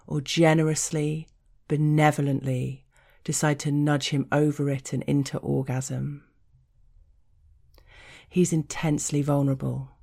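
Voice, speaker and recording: A woman narrates an explicit erotic story in a frank, deliberate manner. Her voice sits low and she takes her time. Now and then she drops into a whisper. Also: a little mellow.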